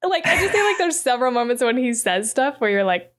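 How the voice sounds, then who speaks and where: A woman's voice: fairly high pitch, big pitch swings, quick pace. A woman co-hosting a podcast, chatty and reflective, who laughs easily. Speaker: podcast co-host. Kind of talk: casual chat.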